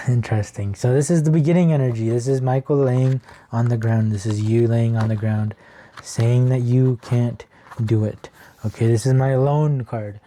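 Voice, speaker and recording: A man's voice: medium pitch, steady tone, moderate pace, dark tone, a little hiss or hum. A man giving a casual, encouraging tarot reading to the viewer, often chuckling as he talks. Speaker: tarot reader.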